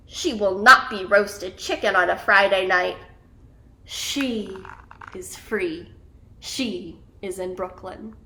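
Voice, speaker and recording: A woman telling a children's story in an expressive, animated way. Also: mid-range voice, takes it slowly.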